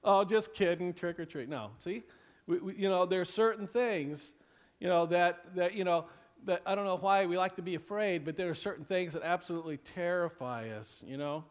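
Preaching to multiple campuses, this man rambles through his sermon, circling back on phrases and leaning heavily on "you know." His delivery turns slower and deeper whenever he reaches a scripture passage.

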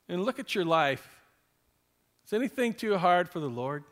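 A male pastor with a notably high voice, delivering a sermon in a playful way. He chuckles between points, then slows down and drops to a hush to drive a question home. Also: sing-song. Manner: slows down and hushes for emphasis.

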